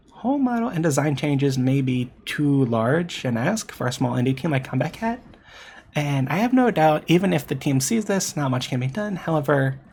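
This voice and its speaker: Gravelly, animated game critic. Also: medium pitch, slight background noise. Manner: emphatic, repeats points for stress; self-correcting, with filler words. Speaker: VTuber game commentator. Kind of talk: opinionated game critique monologue.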